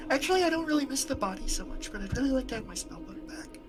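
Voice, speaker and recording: A woman voices a little floating skull with pink flames, breezy and chatty in a tabletop game. Her voice sits fairly high, with faint music under it. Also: lively intonation, quick pace. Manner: chatty, casual, offhand. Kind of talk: tabletop role-play character voice.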